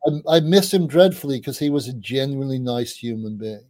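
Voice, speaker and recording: Rambling through his anecdotes with animation and offhand swearing, a middle-aged music journalist speaks as an interview guest. The pace is fairly quick, the voice mid-range, the recording free of echo.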